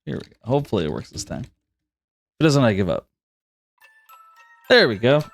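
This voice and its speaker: A man's voice: mid-range voice, big pitch swings, fairly quick, gravelly, music in the background. A man narrating as game master, casual and rambling. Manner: casual, rambling, self-deprecating.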